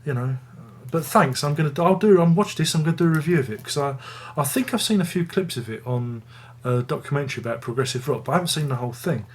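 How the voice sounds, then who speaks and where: A man's voice: fairly high pitch, lively intonation, fast, husky. A man hosting a casual music review video, rambling and joking at his own expense. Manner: rambling, jokey, self-mocking.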